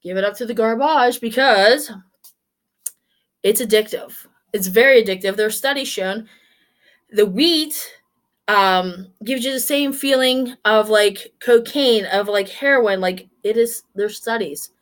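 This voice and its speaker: A woman's voice: a little high, unhurried. A woman in her forties talking casually to camera, blunt and swearing freely as she tells stories. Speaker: vlogger.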